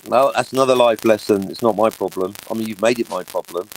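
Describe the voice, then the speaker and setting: A man's voice: lowish voice, fast, slight background noise, low-quality recording. A middle-aged man, hosting a livestream and ranting sarcastically, swearing freely. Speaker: livestream host. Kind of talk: casual livestream chat.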